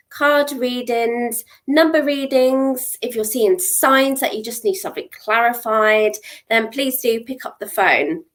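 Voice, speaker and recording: A middle-aged woman hosting a live psychic reading, talking in a reassuring way and often checking in with a quick "okay?". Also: on the high side, a bit bright. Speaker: psychic reader.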